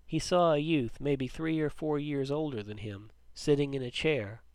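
A man reading a story aloud in a steady, measured way. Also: a little high, smooth, dry recording. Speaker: narrator.

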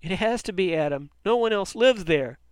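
A man's voice: on the high side, animated, unhurried, dry recording, clean studio sound. A man reading a story, voicing a teenage boy who sounds anxious and unsure. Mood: alarmed. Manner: anxious, hesitant. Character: frightened, confused teenage boy.

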